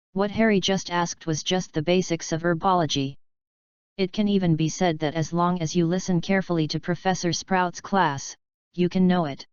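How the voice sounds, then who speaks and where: Crystal-clear woman reading a novel. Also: on the low side, darkish tone, no echo. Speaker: audiobook narrator. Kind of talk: fanfiction audiobook reading. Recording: dull lo-fi dry recording.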